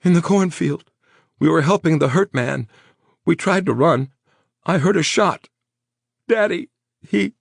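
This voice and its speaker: A man voicing a terrified, injured young woman in an audiobook, crying out in a strained, croaking voice. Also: lowish voice, lively intonation, extremely slow, darkish tone, dry recording, clean studio sound, voice pushed up, exaggerated voice. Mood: sobbing. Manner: frantic, pleading cries.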